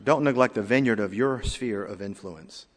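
A male pastor preaching a sermon with emphatic rises and drops in loudness, in a church sanctuary. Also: lowish voice, moderate pace. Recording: long hall reverb.

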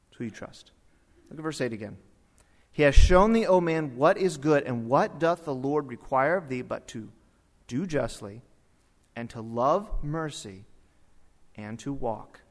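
A man preaching a sermon, swinging from loud emphasis to hushed, drawn-out words. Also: fairly high pitch, big-room sound. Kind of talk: sermon with storytelling.

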